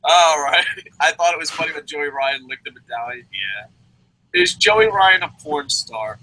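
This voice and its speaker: A man's voice: a little high, expressive, unhurried, sharp tone, slight background noise, rough recording. A man co-hosting a wrestling review show in casual chat, swearing often, rambling and laughing as he goes.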